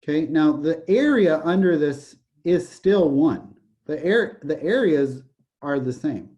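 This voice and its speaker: Give me a man lecturing on statistics with a raised, mellow voice, throwing in jokes. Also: fairly high pitch, lively intonation, takes it slowly. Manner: jokey, digressive, repeats "okay". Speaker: college math professor.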